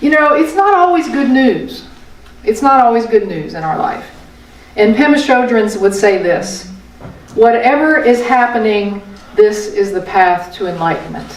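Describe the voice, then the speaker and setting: A woman's voice: a little high, lively intonation, unhurried. Older woman teaching in an echoey room. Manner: folksy, repeats phrases, asks rhetorical questions. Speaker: spiritual teacher. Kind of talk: conversational dharma talk. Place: meeting room of a spiritual center. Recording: echoey room, voice from a distant mic.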